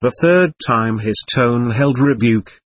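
Man, audiobook narrator, husky, dry sound, measured earnest reading. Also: mid-range voice, no echo. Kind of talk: scripted narration.

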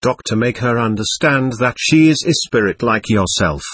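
A man reading aloud the lines of a calm male doctor who instructs and guides spirits, in a plain, instructive way. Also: medium pitch, moderate pace, breathy edge, dry recording. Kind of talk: reading a séance transcript aloud.

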